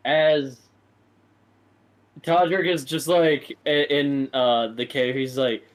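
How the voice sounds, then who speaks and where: A man's voice: medium pitch, fairly even intonation, takes it slowly, long pauses, poor audio. A man running a tabletop game as dungeon master, narrating in a loose, casual way.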